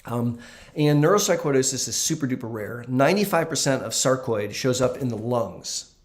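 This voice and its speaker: A man's voice: mid-range voice, animated, normal speed. Earnest man, a doctor taking viewer questions. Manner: earnest and emphatic, with frequent fillers. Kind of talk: casual livestream Q&A.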